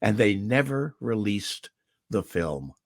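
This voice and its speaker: An older man, a veteran voice actor, telling stories in an interview with lively delivery and a throat he keeps clearing. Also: lowish voice, takes it slowly, dry recording, studio quality. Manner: animated anecdotal delivery with restarts. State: throat irritated, clearing it often. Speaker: voice actor guest. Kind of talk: interview storytelling. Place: home in California.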